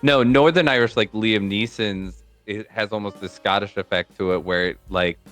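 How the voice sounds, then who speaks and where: A man with a New York accent chatting casually on a podcast, animated and quick to try out accents. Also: fairly low pitch, soft background music. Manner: animated, jumps into accent impressions.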